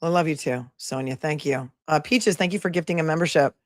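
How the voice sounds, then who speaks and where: A woman's voice: deep voice, a little fast, dry recording, clean studio sound. A woman attorney hosting a casual livestream, reading viewer messages aloud and thanking them in a chatty, affectionate way.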